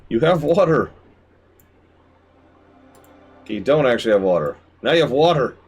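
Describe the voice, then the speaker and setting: Man, streamer, live game commentary, deep voice, wide pitch swings, shouts and mutters at the game. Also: big pitch swings, very fast, hardly any pauses, husky, faint music behind. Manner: talks to the game, swinging between shouted outbursts and low mutters.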